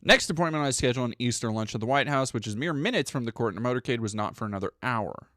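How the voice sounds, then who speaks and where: Close to a dead, dry mic with no room sound, a male streamer flips between reading the news and cursing at it sarcastically. His voice is mid-range and medium-pitched, animated and fairly bright, and he makes loose, profane asides and pauses to thank viewers.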